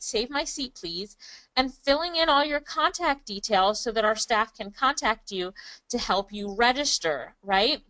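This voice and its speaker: A woman's voice: on the high side, sharp tone, no echo, low-quality recording. A woman presenting a live online class in an upbeat, chatty way, calling on viewers by name. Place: Kingston, Jamaica.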